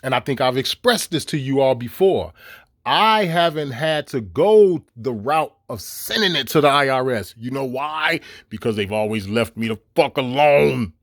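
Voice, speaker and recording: A middle-aged man telling a long story to camera in a profane, animated rant, stammering through restarts. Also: mid-range voice, normal speed, no echo, studio quality. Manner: animated and swearing, with laughs and repeated stammered restarts. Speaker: vlogger. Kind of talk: profane ranting monologue.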